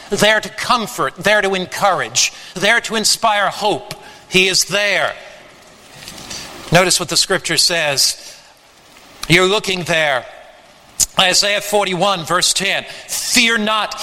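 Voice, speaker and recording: A man preaching a sermon, slow and emphatic, repeating his refrains. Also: high voice, pushed and bright. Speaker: pastor. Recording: long hall reverb.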